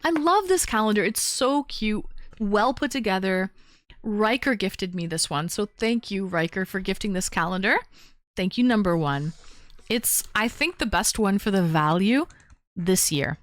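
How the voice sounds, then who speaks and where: Woman streaming from home, chatty, reads chat out loud and answers, dry close sound, mid pitch. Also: lively intonation, measured pace, dry recording. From Toronto, Canada. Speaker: full-time streamer. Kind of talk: casual livestream chat, unboxing. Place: home, small town.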